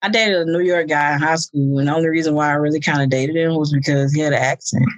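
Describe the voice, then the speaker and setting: A woman chatting casually on a podcast, telling animated stories and mimicking other people's voices. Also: sits low, fast talker, no room sound. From Georgia. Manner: animated storytelling, mimics voices, laughs often.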